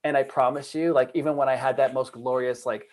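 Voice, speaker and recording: A man, a guest on a video call, telling a personal story in a lively, casual way full of "like" and acted-out quotes. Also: medium pitch, a little fast, low-quality recording. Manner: animated storyteller, acts out quoted voices, many "like" fillers. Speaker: guest, trauma and addiction coach. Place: home room at a computer.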